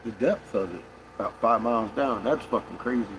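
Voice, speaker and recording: A man's voice: lowish voice, fairly quick, noisy background. A man talking casually in a rambling monologue, swearing often and restarting his sentences. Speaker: conspiracy vlogger.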